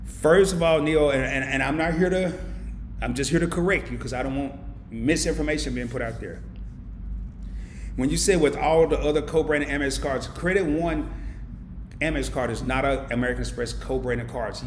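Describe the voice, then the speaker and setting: A man's voice: medium pitch, normal speed, slight background noise. A man hosting a casual live stream, reading viewer comments aloud and answering them with heartfelt thanks. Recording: echoey room.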